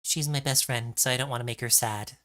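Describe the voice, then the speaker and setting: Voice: mid-range voice, fairly even intonation, a little fast, fairly bright tone. A co-host reading fan fiction lines aloud on stream, playful and prone to giggling. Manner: giggly, reads lines with playful mock-drama. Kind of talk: comedic dramatic reading.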